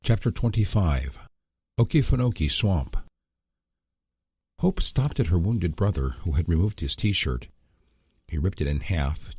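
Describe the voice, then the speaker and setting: Deep-voiced man, measured audiobook reader, dark husky tone. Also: no echo, studio quality. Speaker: audiobook narrator. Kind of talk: scripted narration.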